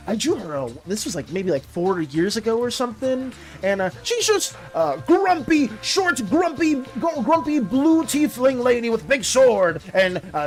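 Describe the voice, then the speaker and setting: Young adult streamer just chatting w chat, rambly, lots of uh and restarts, pitch jumps all over. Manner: rambling and animated, many restarts and fillers. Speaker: livestreaming artist chatting with viewers. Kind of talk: casual livestream chat.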